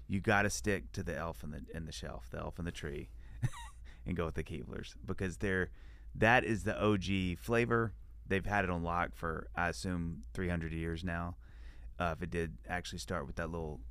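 A man's voice: deep voice, creaky, fairly bright tone, no echo. A man guest on a podcast, talking in a playful, rambling way with jokey asides. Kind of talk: casual comedic chat.

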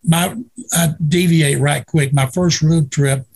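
An older man from Waco, a retired sportswriter telling lively anecdotes in a casual interview. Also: on the high side, slow pace, gravelly, husky. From Waco, Texas. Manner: lively anecdotal storyteller, acts out quoted dialogue.

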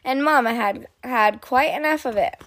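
A woman reading a children's picture book aloud in an expressive, sing-song storytelling manner. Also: fairly high pitch, moderate pace, no room sound, clean studio sound. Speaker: storybook reader.

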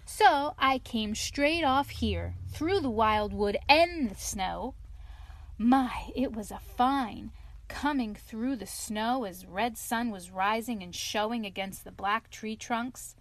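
A woman reading aloud, voicing a cheerful, hearty male otter in a storybook, talking in a brisk lively way. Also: a little high.

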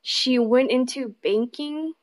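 A woman's voice: high voice, slow. A woman in her late twenties co-hosting a casual couple podcast, giggly, playful and candid. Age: late 20s. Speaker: podcast co-host.

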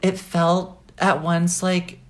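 A woman's voice: lowish voice, little pitch movement, slow. A woman in casual chat, telling stories in a dreamy, wry way.

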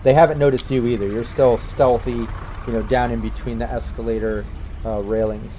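A man running a tabletop game as game master, narrating the scene in a relaxed, chatty way with plenty of fillers. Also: medium pitch, moderate pace, noisy background.

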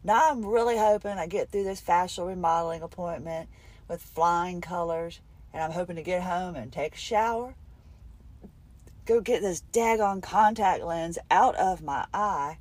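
A woman's voice: fairly low pitch, measured pace, darkish tone. Candid woman talking on the road. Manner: candid and emotional, rambling. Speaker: podcast host. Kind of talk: casual spoken diary. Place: in a car between appointments.

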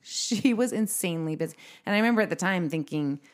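A woman with a slightly low voice hosts a podcast in relaxed, chatty conversation. She laughs often and drops little quoted asides into her talk. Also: fast talker. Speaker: podcast host.

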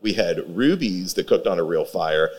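A man's voice: deep voice, expressive, normal speed, a little mellow. A man, a pitmaster guest, chatting casually in an interview with a rambling, filler-heavy delivery. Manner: rambling, many fillers and restarts.

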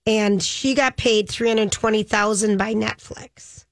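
A woman's voice: medium pitch, fairly even intonation, unhurried, no room sound. A woman co-hosting a casual chat, retelling a news story in a loose way with frequent ums and a dismissive "blah, blah.".

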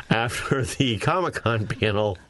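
A man in his forties telling lively anecdotes in casual chat, often mimicking other people's voices. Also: on the low side, slow pace, dry recording. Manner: animated storyteller, mimics others.

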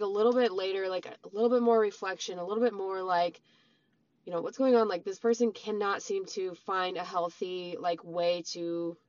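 A woman casually telling her own story straight to her viewers, rambling, with many "like" and "um" fillers. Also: mid-range voice. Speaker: storyteller recounting a relationship. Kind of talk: casual personal storytelling to camera. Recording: slightly dull lo-fi sound.

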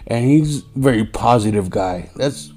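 Medium in pitch and expressive, this weary podcast host talks at a moderate pace with a slightly mellow tone. Alone on the mic, he curses freely, keeps saying "yo," and acts out furious drivers in a raised voice.

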